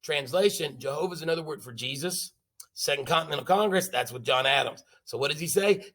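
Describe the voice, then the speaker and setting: A man teaching a history class, telling the story in an animated, jokey way with sound effects. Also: on the high side, fairly quick.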